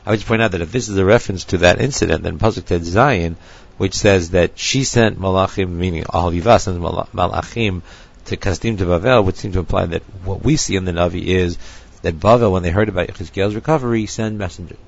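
Man, lecture, measured, restarts mid-thought, very low voice, muffled recording. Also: vocal fry. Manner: measured, thinking aloud with restarts. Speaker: Torah teacher.

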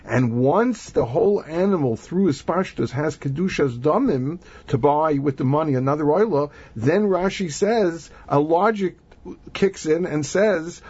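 A man's voice: fairly high pitch, moderate pace, a little mellow, slightly rough. A man with a Yeshivish accent teaching a Talmud lesson, reasoning aloud through the argument and using many Hebrew and Yiddish terms. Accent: Yeshivish English. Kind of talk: Talmud lesson, analytical explanation. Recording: dull lo-fi recording.

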